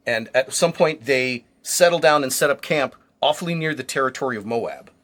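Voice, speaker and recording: A man hosting a casual chat, telling a story in an animated way, swearing and laughing often. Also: medium pitch, moderate pace. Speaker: podcast host.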